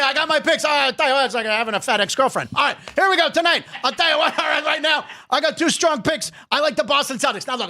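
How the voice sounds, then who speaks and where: A man putting on a loud, brash New York sports handicapper, shouting his picks. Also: extremely high pitch, pitched above the performer's own voice, full character voice. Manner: shouting, brash, rapid gravelly wisecracks.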